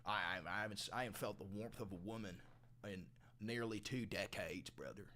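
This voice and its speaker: A man's voice: lowish voice, normal speed, a little hiss or hum. A man playing a crude swaggering streamer bro. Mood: boastful. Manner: swaggering, profane, swings from mumbling to shouting. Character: crude brash male livestreamer, calls everyone brother. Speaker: comedian. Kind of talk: comedic character sketch.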